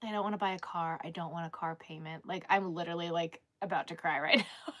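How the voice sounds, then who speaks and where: A woman talking casually to her viewers on a live stream. Her voice is bright and forward, middling in pitch, and she rambles loosely, restarting sentences and leaning on filler words. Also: steady tone, a little fast. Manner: rambling, chatty, lots of "like" and restarts.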